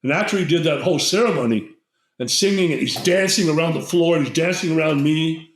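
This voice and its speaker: This older man is a guest herbalist spinning a lengthy conversational tale, stumbling through fillers and false starts. He talks fast in a fairly high pitch, and the room echoes around him.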